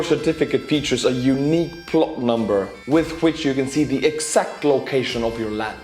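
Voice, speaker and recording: Male narrator, wry and dry; echoey room, soft music bed. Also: mid-range voice, normal speed, few pauses. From Estonia. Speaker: war commentary host. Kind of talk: narrated video commentary. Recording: roomy echo.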